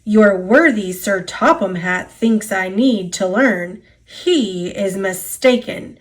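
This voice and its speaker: A woman's voice: medium pitch, takes it slowly, lightly acted. A woman with an American accent voicing a smug, oily-voiced male diesel engine in a storybook reading. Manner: smooth purring, conceited.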